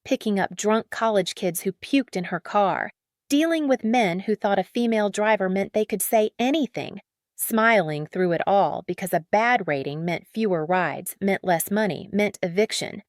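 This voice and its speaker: A woman narrating a dramatic story in an even, matter-of-fact read on a close mic. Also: mid-range voice, normal speed, no room sound.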